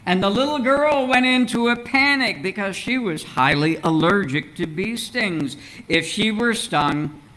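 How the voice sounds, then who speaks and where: A man preaching a sermon as pastor in a church, in a measured, earnest way with rhetorical questions. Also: sits high, pushed and bright, low-quality recording. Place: church sanctuary.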